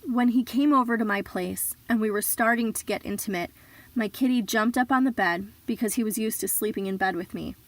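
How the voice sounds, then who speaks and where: A woman reading a survivor's memoir aloud in an earnest, measured storytelling voice. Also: fairly high pitch, dry recording. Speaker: reader of survivor stories.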